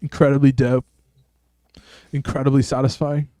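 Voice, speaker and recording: Male streamer, laid-back game commentary, smooth voice, dry close mic. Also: medium pitch, level tone, normal speed, dark tone, no echo. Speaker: streamer host. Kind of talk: gameplay commentary.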